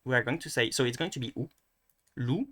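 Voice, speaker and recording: A man's voice: mid-range voice, rapid-fire, sharp tone. A man with a French accent, a French native speaker, giving a casual pronunciation lesson in a hesitant way, with many restarts and fillers. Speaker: language tutor. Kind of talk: casual screen-recorded lesson.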